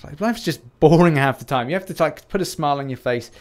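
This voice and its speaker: Slightly high-voiced and quick, a UK gaming YouTuber rambles jokingly over his game footage. He keeps things casual and self-deprecating.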